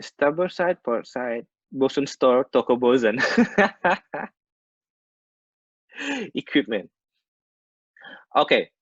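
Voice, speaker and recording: A man's voice: mid-range voice, unhurried, no room sound. A man with an Indonesian accent teaching maritime English in an online class. He explains terms by giving Indonesian glosses and often restarts his sentences. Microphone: video call. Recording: muffled online call audio.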